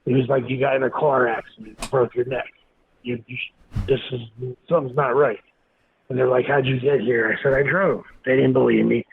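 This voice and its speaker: A man being interviewed as a guest tells a story in a blunt, animated way, swearing a lot. His voice sits at medium pitch with a creaky quality, and he speaks a little fast. The line is tinny and phone-like, with faint noise.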